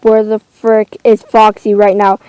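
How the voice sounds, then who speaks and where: A woman's voice: mid-range voice, flat delivery, unhurried, darkish tone, smooth, no room sound, dull audio, soft background music. A woman giving casual gameplay commentary, indignant and exclaiming, rambling between outbursts. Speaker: gamer.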